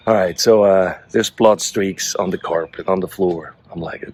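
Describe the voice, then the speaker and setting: A man's voice: deep voice, fairly even intonation, a little slow, hardly any pauses, a little mellow. A middle-aged man casually telling a story to the camera, amused and chuckling between phrases. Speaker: vlogger.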